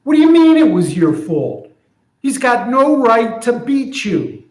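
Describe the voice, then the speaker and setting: A man voicing an indignant, protective friend who scolds and insists, in a much higher and louder voice than his own, in an echoey room. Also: sing-song, a little slow, full character voice. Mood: outraged. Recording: roomy echo.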